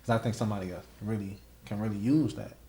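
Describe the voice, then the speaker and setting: A man's voice: lowish voice, fairly even intonation, quick pace, mellow, echoey room. A man hosting a podcast in casual interview chat, emphatic and fond of saying "like" and "right?". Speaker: podcast host.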